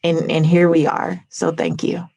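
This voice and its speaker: A woman's voice: lowish voice, little pitch movement, measured pace, gravelly, dark tone. A woman hosting a podcast interview over a video call, talking in an effusive, heartfelt way with lots of "like.". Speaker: podcast host. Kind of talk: conversational interview.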